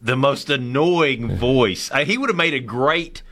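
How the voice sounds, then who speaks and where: A man's voice: medium pitch, animated, unhurried, a bit bright. A man with a Southern American accent co-hosting sports radio, throwing in dry, wisecracking asides. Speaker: sports talk radio co-host. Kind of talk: casual sports radio banter.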